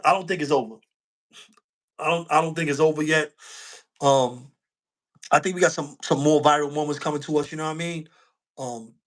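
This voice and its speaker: A man's voice: on the high side, fairly bright tone. A man co-hosting a casual livestream chat, slangy, repeating himself and laughing often. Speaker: co-host.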